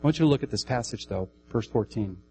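A man preaching a sermon emphatically, repeating key phrases and swinging between raised, high-pitched declarations and quiet, lower passages. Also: expressive, fast talker, a little hiss or hum, low-quality recording.

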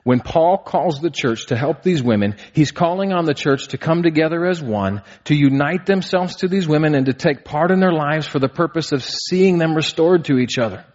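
A man's voice: on the high side, lively intonation, normal speed, hardly any pauses, darkish tone. A man in his thirties preaching a sermon, earnest, asking rhetorical questions and building to emphatic peaks. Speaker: pastor. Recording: slightly dull, muffled sound.

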